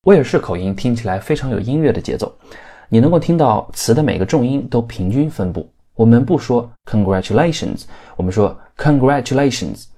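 A male podcast host who explains accents in a steady, instructive way. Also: medium pitch, a little fast. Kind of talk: language lesson podcast.

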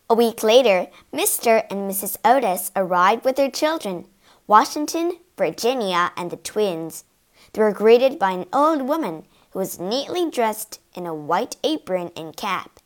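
A woman narrating a children's story aloud in an expressive, inviting way. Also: medium pitch. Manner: expressive, slow and inviting, acting out the characters.

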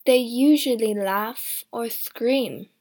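A woman voicing a gentle, shy, deformed young man who speaks in a strange, slow voice. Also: on the high side. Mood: gentle, resigned.

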